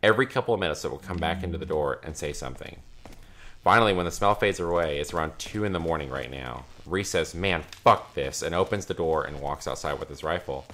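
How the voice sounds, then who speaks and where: A man's voice: a bass voice, fast, a bit bright. A man casually reading a creepy story aloud to friends during a game, swearing freely and laughing between lines. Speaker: let's play commentator.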